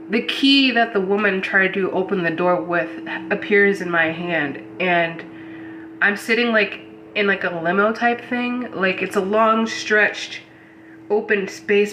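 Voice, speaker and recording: A woman with a medium-pitched voice and a measured pace recounts a strange dream to her live audience. The low-quality recording carries slight background noise, and as host she rambles casually, animatedly, peppering everything with "like."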